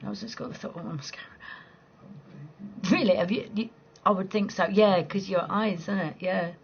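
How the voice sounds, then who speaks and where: A woman from southeast England with a local accent, chatting casually with viewers on a late-night live stream from home, blunt and quick to laugh. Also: mid-range voice, creaky, dull audio, a little hiss or hum. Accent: southeast English. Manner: chatty, blunt, swears freely, laughs easily.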